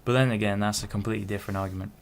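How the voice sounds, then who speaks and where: Low-voiced young man rambling solo. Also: steady tone, rapid-fire, gravelly, slight background noise. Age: 20s. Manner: rambling, self-interrupting, casual swearing. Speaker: podcast host. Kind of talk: casual solo monologue.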